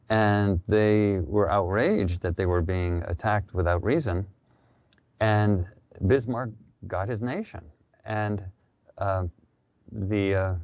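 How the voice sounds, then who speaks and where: A man's voice: on the low side, a little mellow, no room sound, lo-fi sound. A man talking as a radio interview guest, telling history in a loose, conversational storytelling way. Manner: conversational, storytelling with quoted voices.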